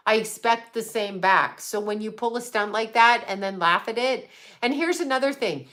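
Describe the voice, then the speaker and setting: A woman's voice: medium pitch, sharp tone. A middle-aged woman talks straight to her livestream viewers in a loose, conversational way. She is blunt and swears freely as she answers their comments. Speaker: psychic livestream host. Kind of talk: casual livestream chat reading comments.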